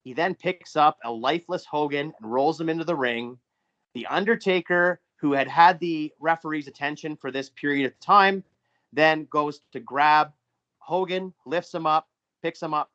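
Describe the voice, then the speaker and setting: A man co-hosting a podcast, recounting a booked match in a halting way with frequent restarts. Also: a little high, fairly bright tone, lo-fi sound. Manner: halting, many restarts and fillers. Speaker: podcast co-host. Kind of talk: casual podcast chat, narrating fantasy wrestling booking.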